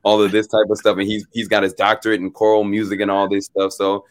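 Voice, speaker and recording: A young man, a musician guest on an interview show, telling a story in a relaxed, animated way. He laughs often and acts out what people said. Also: lowish voice, fast talker, dry recording.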